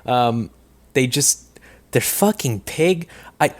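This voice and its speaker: A woman's voice: a bass voice, lively intonation, takes it slowly, a little mellow. A woman co-hosting a casual panel discussion, blunt and profane. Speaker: podcast co-host.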